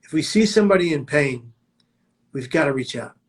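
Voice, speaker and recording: Speaking briskly and expressively in a slightly high voice, a prevention speaker recounts his own life story. He tells it vividly and dramatically, punctuating it with emphatic quoted lines.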